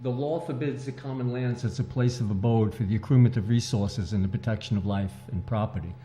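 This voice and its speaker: A man's voice: medium pitch, brisk, mellow, a little hiss or hum. A man appearing as an author and activist guest, talking earnestly and emphatically and repeating his main points. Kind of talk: interview talk.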